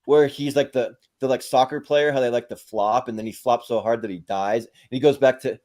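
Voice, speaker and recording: A man's voice: mid-range voice, steady tone, fairly quick, darkish tone. A man co-hosting a casual panel chat, rambling and laughing as he retells comedy sketches. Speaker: podcast co-host.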